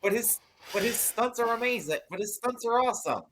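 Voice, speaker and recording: Cohost tossing in trivia, pitch bouncing around a lot, casual riff. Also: animated, a bit bright, a little hiss or hum. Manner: chiming in with quick asides and trivia. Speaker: podcast co-host riffing a film. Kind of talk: casual movie commentary.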